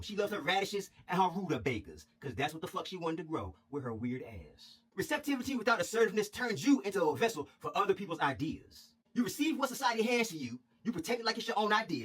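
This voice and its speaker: Fast, husky, irreverent male storyteller. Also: high-pitched. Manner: irreverent, animated, heavy swearing. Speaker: spiritual storyteller. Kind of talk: profane storytelling monologue.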